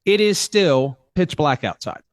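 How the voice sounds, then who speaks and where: A man co-hosting a morning radio show, chatting casually and telling animated stories, quick to protest when teased. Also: a little high, no echo, studio quality. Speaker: radio co-host.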